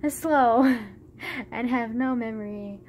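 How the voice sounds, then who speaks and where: A woman's voice: fairly high pitch, slow, a little mellow, a little hiss or hum. A young woman chatting casually to camera in a rambling, giggly way, with lots of fillers. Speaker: vlogger.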